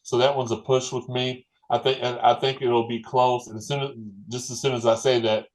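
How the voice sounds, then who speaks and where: Man, podcast guest; folksy, rambling, restarts his sentences, medium pitch. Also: flat delivery, a little fast, low-quality recording. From Louisville, Kentucky. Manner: rambling, self-correcting, folksy. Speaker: guest fan commentator. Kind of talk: casual sports podcast chat.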